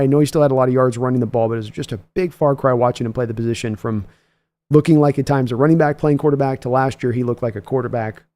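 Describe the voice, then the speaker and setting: A man hosting a casual livestream reads viewer comments aloud in a warm, mid-pitched voice. He keeps things chatty and loose, chuckling often.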